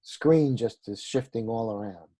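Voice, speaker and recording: Mellow-voiced man running a video call. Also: mid-range voice, a little slow, slightly rough. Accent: New York. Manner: friendly, calling names one by one. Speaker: meeting facilitator. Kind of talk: casual video call introductions.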